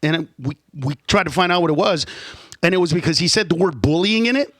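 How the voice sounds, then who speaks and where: A man appearing as a comedian guest on a radio show, talking in animated, rambling casual banter. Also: a little high, no echo, clean studio sound. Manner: animated, rambling, quick to jump into stories. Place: radio studio.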